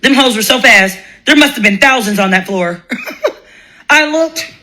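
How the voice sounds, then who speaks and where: Bright-voiced woman telling a crude story. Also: fairly high pitch, a little slow. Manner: animated, laughing often, profane and blunt. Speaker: live-stream host. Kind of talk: casual live-stream storytelling.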